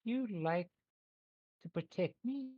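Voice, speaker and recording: Man putting on a small male tree spirit, high sweet voice, halting, clingy, childlike, muffled lo-fi sound. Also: animated, dry recording. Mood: sweet, needy. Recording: dull lo-fi recording.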